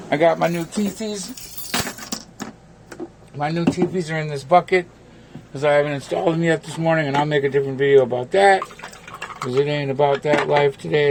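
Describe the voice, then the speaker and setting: Gravelly man ranting profanely. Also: on the high side, background noise. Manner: rambling, profane, jumps between topics. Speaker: vlogger. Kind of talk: casual rant to camera. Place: at his home.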